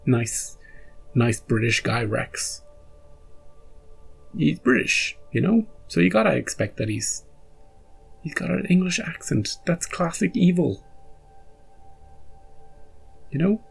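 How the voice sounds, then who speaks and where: A man's voice: high voice, very animated, a little slow, gravelly, long pauses, husky, soft background music. A man hosting a reaction video, chatting casually and rambling after an episode, often restarting and chuckling.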